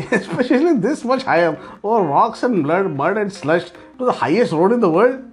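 A man's voice: high-pitched, animated, normal speed. A man narrating a travel story in a sardonic, profane, humorous way. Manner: sardonic, profane, laughs as he talks.

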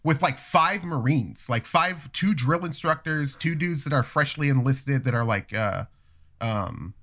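Young guy rambling through a story, swears a lot, normal pitch. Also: unhurried. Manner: profane, rambling, animated storytelling. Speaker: storyteller guest. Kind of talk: casual chat.

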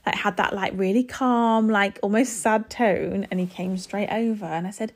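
A woman's voice: mid-range voice, steady tone, a little fast, few pauses. A woman in her thirties chatting casually to her viewers as a parent vlogger, rambling with lots of fillers and restarts. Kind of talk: casual chat to camera.

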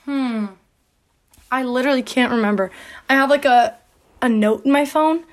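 Young woman, podcast host, a touch high-pitched, breathless, rambling casual chat. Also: moderate pace. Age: young adult. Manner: rambling, filler-heavy, with frequent "like" and laughs.

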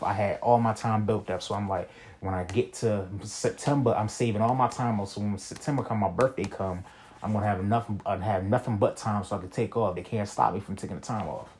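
A man's voice: lowish voice, fairly quick, a little mellow, slight background noise. A young man telling a personal story in a casual, rambling monologue, full of slang and "you feel me.". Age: young adult.

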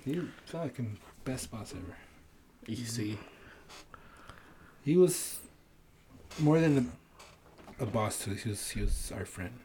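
A man co-hosting a podcast in casual chat among friends, slangy and swearing, halting and repeating himself. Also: mid-range voice, expressive, warm tone. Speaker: podcast co-host.

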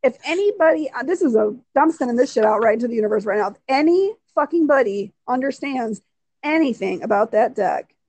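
A woman's voice: on the high side, brisk, dry recording, poor audio. A young adult woman co-hosting a casual chat, telling stories with lots of swearing. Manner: swears freely, animated storytelling. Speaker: podcast co-host.

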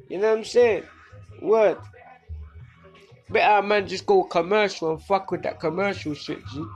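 A young man with a London accent, hosting a podcast and ranting in heavy street slang. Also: high-pitched. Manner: animated, slangy rant. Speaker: podcast host. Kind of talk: casual monologue.

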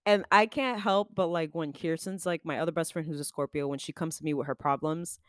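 A young adult woman co-hosting a casual chat, animated and swearing freely as she acts out quoted voices. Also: low-pitched, a little fast, dry recording, clean studio sound. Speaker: podcast co-host.

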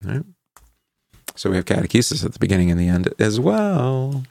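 A man leading a Bible study lesson, conversational, often asking "right?" and pausing with fillers as he recalls verses. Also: fairly low pitch, sing-song, vocal fry, dark tone. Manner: conversational, asks questions and adds "right?"; halting, with many fillers while recalling verses. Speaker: pastor teaching a Bible class.

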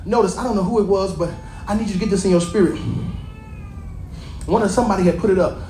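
A preacher giving a lively, colloquial sermon, repeating phrases and calling out to the congregation. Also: mid-range voice, quick pace, echoey room, slight background noise.

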